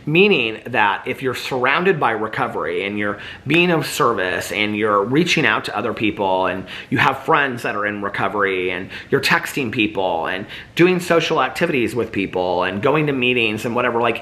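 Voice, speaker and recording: A man's voice: on the low side, animated, normal speed, few pauses, pushed and bright. A man vlogger in casual, reflective chat, rambling with lots of "like" and "you know".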